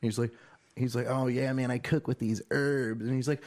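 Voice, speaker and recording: A young man chatting loosely on a podcast, cursing often and throwing himself into loud impressions when he retells a scene. His voice sits at an ordinary middle pitch. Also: steady tone, a little fast. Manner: acts out quotes with loud shouted impressions, swears freely. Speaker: podcast co-host. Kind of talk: casual podcast chat.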